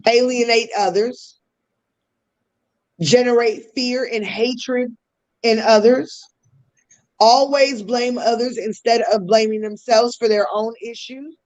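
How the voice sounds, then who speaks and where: A woman's voice: on the high side, steady tone, slow pace, pauses often, darkish tone, dull audio. A woman hosting a podcast, explaining communication styles in a teaching tone with casual slang asides. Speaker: podcast host.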